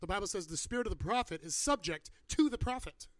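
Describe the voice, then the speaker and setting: A man preaching and answering questions, animated and acting out the people he quotes. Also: sits high, fast, dry recording. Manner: animated, acts out quoted voices. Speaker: pastor. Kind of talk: sermon with Q&A.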